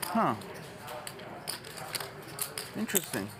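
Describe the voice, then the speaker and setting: A man's voice: a little high, big pitch swings, drawn-out words, noisy background. A man at a poker table chatting about a hand and questioning his own play. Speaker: poker player. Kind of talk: table talk.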